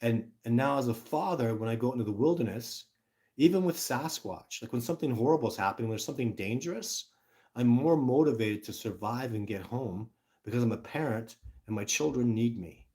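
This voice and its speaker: A middle-aged man hosting a casual livestream, talking to viewers in an energetic, rambling way and often breaking off mid-sentence. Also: mid-range voice, a little fast. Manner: energetic, rambling, self-interrupting. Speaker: livestream host, Sasquatch researcher. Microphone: phone camera.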